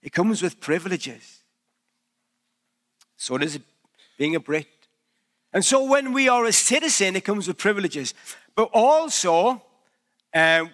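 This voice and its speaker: A British pastor with a high, bright voice preaches in a loose, conversational way, dropping playful asides to his congregation. His words ring out with a long reverb through a large church sanctuary. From Britain. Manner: chatty, jokey asides to the congregation. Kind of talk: conversational sermon.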